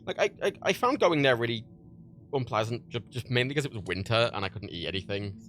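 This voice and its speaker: Lively bright-voiced Irish-born man chatting. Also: medium pitch, fast, soft background music. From Ireland. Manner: rambling, repeats words, frequent ums. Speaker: livestream host. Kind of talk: casual chat while packing orders. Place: home workspace, packaging prints.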